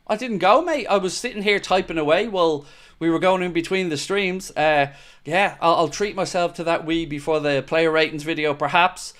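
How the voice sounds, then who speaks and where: Young male fan-show host, higher voice, smooth clear tone, blunt and passionate with his chat. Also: a bit bright. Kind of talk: live match reaction, reading viewer comments.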